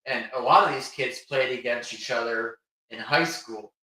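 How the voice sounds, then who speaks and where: A middle-aged man with a Northern New York accent co-hosting a casual sports chat, easygoing and quick to agree. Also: medium pitch, sharp tone, very echoey, recorded from a distance, low-quality recording. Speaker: co-host.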